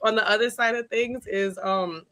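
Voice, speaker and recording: A woman's voice: fairly high pitch, steady tone, moderate pace, sharp tone. Frank woman telling stories with laughter. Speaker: podcast co-host. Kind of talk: casual chat.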